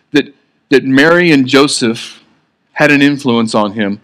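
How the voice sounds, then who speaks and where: A man's voice: medium pitch, a little slow, a bit bright. A man giving a sermon in an earnest, conversational way, often restarting his sentences. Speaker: preacher.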